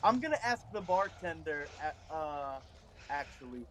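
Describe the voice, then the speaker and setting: A man's voice: a little high, lively intonation, moderate pace, slight background noise. Hesitant male player thinking aloud. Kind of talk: casual tabletop game play.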